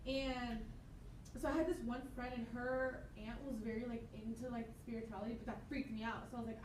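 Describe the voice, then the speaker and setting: A woman's voice: on the high side, steady tone, a little fast. Woman student telling a story in class, acts out the quotes, far from mic, echoey and noisy. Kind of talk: casual classroom anecdote.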